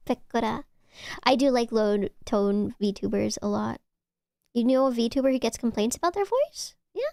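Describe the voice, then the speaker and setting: A woman streams and chats casually with her audience, her voice sitting high. She gushes and stumbles into quick restarts. The sound is close and dry, with no room around it. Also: gravelly, dark tone, dry recording. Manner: chatty, stammering restarts, gushing. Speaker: VTuber streamer. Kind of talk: casual chat with live chat.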